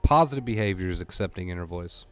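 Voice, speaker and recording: Lower-voiced man coaching a live stream. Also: animated, fast, soft background music. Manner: blunt, coaching, repeats himself for emphasis. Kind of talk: live-stream talk to chat.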